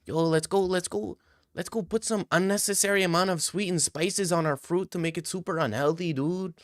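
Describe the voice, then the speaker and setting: A man putting on the voice of an excitable young guy who keeps saying "dude" and "let's go" while pitching a scheme. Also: fairly quick, no room sound, clean studio sound, lightly acted. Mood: hyped-up. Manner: repeats "dude" and "let's go" with every breath.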